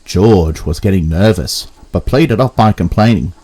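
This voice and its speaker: A man narrating a spooky children's engine story with expressive delivery. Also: low-pitched, normal speed, low-quality recording. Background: background music.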